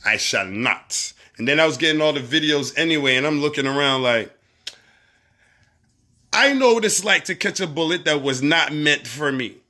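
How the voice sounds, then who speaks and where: A man with a Barbadian accent hosting a casual livestream, reading viewer comments and giving shout-outs in a laid-back, profane, laughing way. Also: a little high, moderate pace. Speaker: livestream host.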